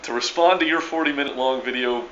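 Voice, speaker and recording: A man's voice: medium pitch, fast, fairly bright tone, muffled recording, a little hiss or hum. Emphatic stammering New Orleans man. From New Orleans area. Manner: emphatic, stammering restarts, swears casually. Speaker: video blogger. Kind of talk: casual video reply.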